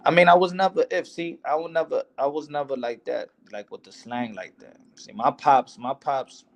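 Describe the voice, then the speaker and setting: A man's voice: a little high, steady tone, normal speed. A young man, a boxer, talking in a casual interview in a heated, emphatic, profane way, often repeating himself.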